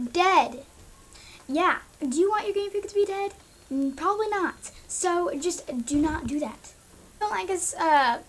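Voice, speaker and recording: Young woman, high voice, casual pet vlog rant, exasperated, scolding, filler-heavy. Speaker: pet vlogger. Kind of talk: casual ranting monologue.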